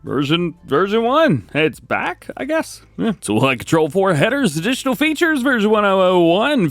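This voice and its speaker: A man's voice: high voice, sing-song, moderate pace, few pauses, fairly bright tone, no room sound, faint music behind. A man hosting a gaming channel, reading game mod update notes aloud and adding wry asides.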